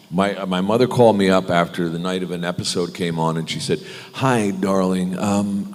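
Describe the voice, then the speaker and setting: A deep, low-voiced middle-aged American man spins stories for a convention crowd, slipping into quick impressions of other people and laughing along. His voice rings out with the long reverb of a big convention hall. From United States. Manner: animated storyteller, mimics others, laughs often. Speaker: convention panel guest. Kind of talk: telling anecdotes at a panel.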